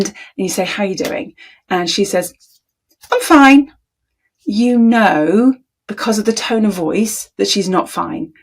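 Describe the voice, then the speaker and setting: Woman coach talking to camera, kinda husky voice, deliberate and emphatic. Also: mid-range voice. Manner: deliberate, emphatic, demonstrates tones aloud. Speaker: communication coach. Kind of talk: talking-head coaching video.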